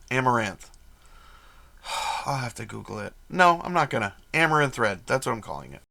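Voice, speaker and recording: A man hosting a miniature painting video, talking in a relaxed, chatty way full of fillers. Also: medium pitch, moderate pace. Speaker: miniature painting channel host. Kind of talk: casual painting tutorial narration. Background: background music.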